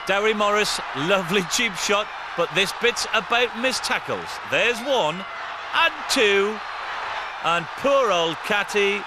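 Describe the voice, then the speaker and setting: A man presenting rugby clips in lively, boisterous commentary, breaking into shouts. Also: high voice, a little slow, hardly any pauses, a loud crowd, very noisy.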